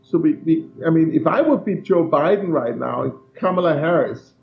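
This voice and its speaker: A man's voice: on the high side, lively intonation, normal speed, gravelly. A man giving blunt, emphatic answers as a guest in a political interview. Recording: dull, echoey remote line.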